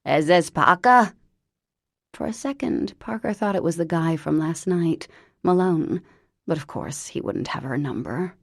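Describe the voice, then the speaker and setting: A woman reading an audiobook in a wry, deadpan narrating manner. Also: deep voice, moderate pace, creaky, slightly rough, no echo, studio quality.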